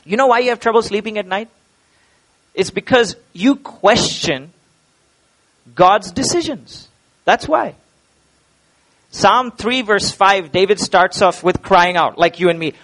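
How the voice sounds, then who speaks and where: A man's voice: high voice, a little slow, long pauses, a bit bright, rough recording. A male preacher, delivering a sermon emphatically, with rhetorical questions and repeated words.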